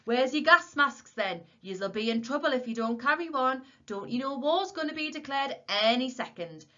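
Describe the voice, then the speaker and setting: Woman putting on a loud old man, bossy warden, high and strained, dull lo-fi sound. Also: expressive, moderate pace. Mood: shouting alarmed. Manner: loud, insistent. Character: shouting old man, air-raid warden. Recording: dull lo-fi recording.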